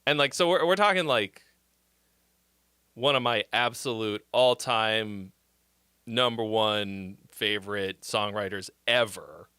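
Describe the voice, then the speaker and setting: A man hosting a casual song-critique livestream, talking in an animated, rambling way with plenty of swearing. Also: fairly low pitch, slow pace, smooth, no echo, studio quality. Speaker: music critique livestream host.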